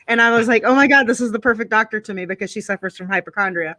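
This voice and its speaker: Guest, candid casual chat, quick to laugh, crisp bright tone. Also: mid-range voice, no echo. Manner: candid, self-deprecating, laughs easily.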